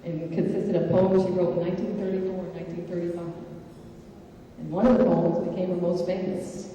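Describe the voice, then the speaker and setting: Southern woman speaker, mellow tone, jokes at her own expense, distant and echoey in a big hall. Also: on the low side, level tone, a little fast, a little hiss or hum. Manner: joking, self-deprecating asides to the audience. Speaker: guest speaker. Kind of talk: ceremonial speech. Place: large banquet hall. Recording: echoey hall, picked up from afar.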